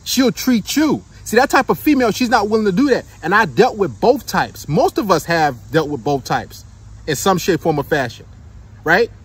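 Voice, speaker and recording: A man with a high, husky voice lectures men on dating in a preachy monologue. He hammers each point home and keeps checking in with "right?" and "okay?". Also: very animated, normal speed, fairly bright tone. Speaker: dating advice commentator.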